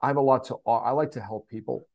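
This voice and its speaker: Here a middle-aged special needs father talks quickly in a darkish, medium-pitched voice as a podcast guest. It's a candid conversational interview where he speaks emphatically, repeats himself and swears now and then, with no room sound.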